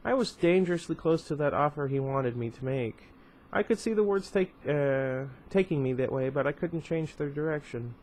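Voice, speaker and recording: A man's voice: a little high, expressive, moderate pace, hardly any pauses, a little mellow, slight background noise, low-quality recording. A man reading a novel aloud in first person, dropping offhand asides and correcting himself as he goes. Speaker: book reader. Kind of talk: casual read-aloud of a novel.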